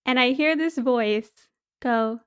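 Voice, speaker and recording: A young adult woman co-hosting a podcast, telling a story in casual chat, animated and laughing often. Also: high-pitched, slow pace, clean tone. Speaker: podcast co-host.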